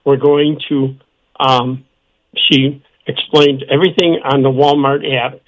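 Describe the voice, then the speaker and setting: A man calling in to a radio show, fighting the hiccups and talking haltingly with many restarts. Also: mid-range voice, flat delivery, low-quality recording. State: has the hiccups. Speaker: caller. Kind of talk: call-in phone chat.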